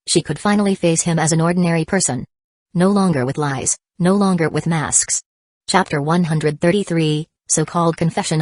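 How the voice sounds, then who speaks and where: A woman narrating a novel as an audiobook, in an even, steady reading. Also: deep voice, dry recording. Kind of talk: scripted narration.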